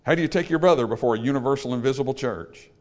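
A Baptist pastor delivers an emphatic sermon at a racing pace, his voice climbing to loud peaks and then trailing off low. He calls out for amens from the congregation.

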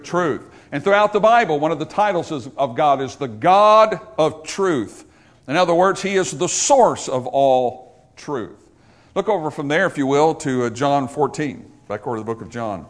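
This pastor's voice sits on the high side with lively intonation, and he preaches at a normal speed. Emphatic throughout, he escalates into forceful repetition, stacking rhetorical lines and questions.

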